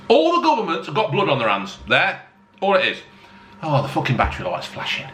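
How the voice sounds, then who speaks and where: A man's voice: medium pitch, huge pitch swings, unhurried, pauses often, a little hiss or hum. A man swearing freely and mocking himself as he reviews a beer to camera. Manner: blunt, heavy swearing, jokey self-mocking asides. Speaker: beer-tasting vlogger. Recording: echoey room with faint ambience.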